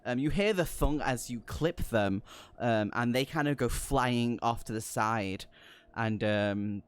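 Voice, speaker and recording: A man's voice: mid-range voice, unhurried, clean tone. A man narrating a tabletop game as game master, hesitant with many fillers.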